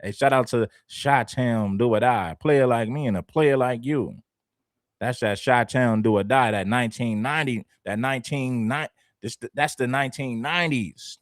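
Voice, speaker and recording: A man's voice: mid-range voice, normal speed, no room sound. Chatty male reaction host, dry sound. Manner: emphatic, repetitive, chatty. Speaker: commentary show host. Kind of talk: reaction commentary.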